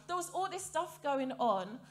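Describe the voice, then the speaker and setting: A woman's voice: high voice, sing-song, moderate pace. A woman performing stand-up comedy on a theatre stage, chatty and playful, often asking the crowd questions. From African heritage, grew up in Britain. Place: theatre stage before a live audience.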